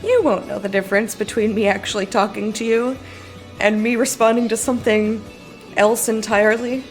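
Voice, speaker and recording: A woman's voice: mid-range voice, steady tone, moderate pace, soft background music. A tired woman chatting casually on a live stream, rambling, laughing often and answering her chat. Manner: giggly, rambling, reads chat aloud. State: sleepy.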